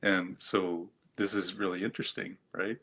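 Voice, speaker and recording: A man talking in a reflective interview, gentle and searching, posing questions to himself. His voice sits a bit low, with frequent fillers and restarts. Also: level tone, moderate pace, gravelly. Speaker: guest psychotherapist.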